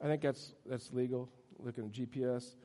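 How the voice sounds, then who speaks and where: A man's voice: medium pitch, steady tone, brisk, warm tone. A man preaching a sermon as pastor, telling humorous self-deprecating stories. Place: church sanctuary. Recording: long hall reverb.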